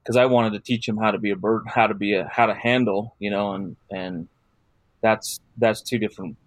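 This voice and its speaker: Brief: relaxed lower-voiced man, podcast guest trainer, easygoing rambler. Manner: laid-back, rambling, laughs often. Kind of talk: casual chat.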